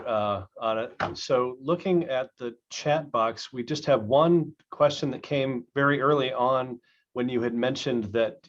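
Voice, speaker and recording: A man moderating an online discussion, relaxed and measured, with a few light fillers. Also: medium pitch, highs cut off.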